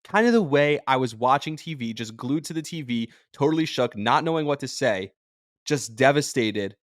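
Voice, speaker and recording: A man's voice: medium pitch, expressive, moderate pace, no room sound. Drained, emotional man in a dry room. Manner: emotional, rambling, jumps between thoughts. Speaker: podcast host and sports radio personality. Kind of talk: emotional sports podcast monologue.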